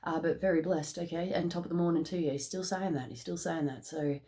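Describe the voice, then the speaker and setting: A woman giving a casual spiritual card reading to viewers, excitable, laughing often and checking in with "okay?" after each point. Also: lowish voice, brisk. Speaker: tarot reader.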